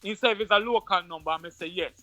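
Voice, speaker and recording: A man with a Jamaican accent, an interview guest who tells a personal story in patois in an animated way, often repeating his words. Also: high voice, quick pace, dry recording, soft background music.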